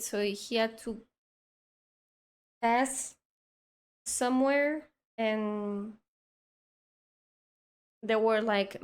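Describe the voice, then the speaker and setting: Casual storyteller, woman, slow rambling delivery, slightly high voice. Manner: rambling, full of "like" and restarts. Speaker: streamer.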